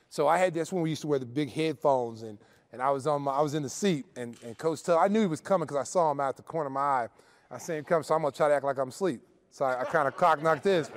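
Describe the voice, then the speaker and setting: A middle-aged man, a former basketball player, telling a story at a podcast roundtable and acting out the dialogue. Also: on the high side. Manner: animated storyteller, acts out dialogue.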